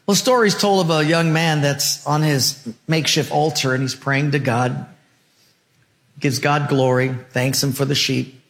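A male pastor preaching a sermon, telling a story in a lively way. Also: fairly high pitch, a little slow. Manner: lively, acts out dialogue. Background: guitar music.

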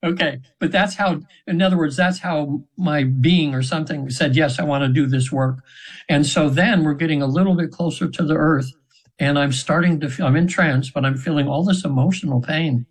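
Speaking at normal speed, an older man in his seventies tells a drawn-out story as a radio guest and spiritual practitioner. His voice is on the high side and slightly rough, and his earnest delivery wanders through many fillers and restarts. The recording quality is rough.

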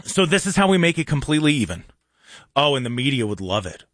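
A man hosting a call-in radio talk show, ranting sarcastically and mocking opponents in slow sing-song asides. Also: medium pitch, big pitch swings, a bit bright, no room sound, clean studio sound. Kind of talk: opinionated call-in radio monologue.

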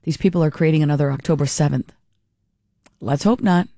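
A woman's voice: sits low, a little fast, dark tone, no room sound, clean studio sound. A woman hosting talk radio, reading out listener texts and answering them bluntly and with strong opinions. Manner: blunt, opinionated, talks back to texters. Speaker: radio talk show host.

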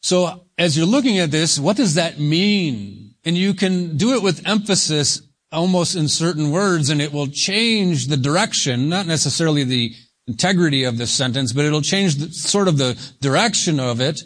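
A man preaching an expository sermon, speaking deliberately and stretching key words for emphasis. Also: on the high side, animated, fairly bright tone. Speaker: pastor.

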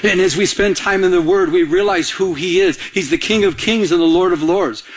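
A man's voice: sits high, normal speed, low-quality recording. Stammering, fired-up preacher man. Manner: preaching with call-and-response and acted-out quotes. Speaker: pastor. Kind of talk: sermon.

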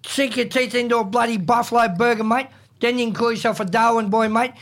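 A man's voice: very high voice, fairly even intonation, quick pace, fairly bright tone. An Australian man bantering on a radio show, blokey and blustering, with "mate" at the end of nearly every line. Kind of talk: casual banter.

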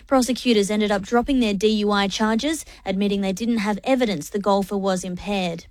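A woman presenting scripted radio news bulletins in a brisk, even newsreader delivery. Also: a little high, dry recording, studio quality.

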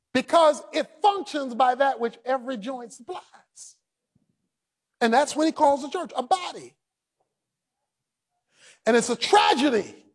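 A male pastor preaching a rousing sermon, repeating lines for the congregation and swinging from shouts down to low, quiet asides. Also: husky.

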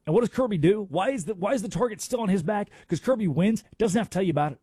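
A male sports radio host who is opinionated and theatrical. He makes his case with rhetorical questions. His slightly high, husky voice swings widely in pitch, and he sits close to a studio mic in a dry booth. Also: lively intonation, quick pace, mellow, dry recording. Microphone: studio microphone.

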